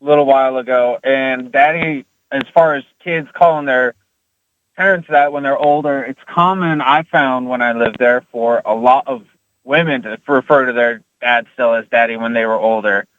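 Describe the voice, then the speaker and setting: A man calling in to a radio show, talking calmly and plainly. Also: medium pitch, moderate pace, no echo. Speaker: caller. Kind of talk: phone-in conversation. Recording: dull, dry phone line.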